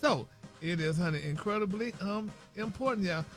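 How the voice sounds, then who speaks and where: A man with a somewhat high voice delivers a radio morning show's celebrity gossip segment from the studio. He talks slowly and in a hushed, whispery way, as if tiptoeing, and keeps dropping endearments every few words. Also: soft background music. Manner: sprinkles in endearments constantly.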